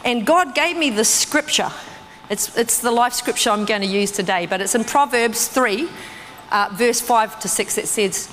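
Animated woman preaching in a reverberant hall. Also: moderate pace, slight background noise. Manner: animated storytelling, acting out her own reactions with big pitch jumps. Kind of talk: sermon with personal testimony.

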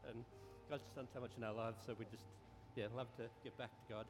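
A man giving a testimony in a church hall, soft-spoken and hesitant, with many fillers. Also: mid-range voice, fairly even intonation, fast, slight background noise. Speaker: church member.

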